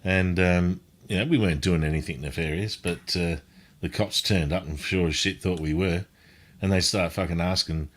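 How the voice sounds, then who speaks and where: A man's voice: sits low, steady tone, moderate pace. A man in casual chat telling a laid-back story.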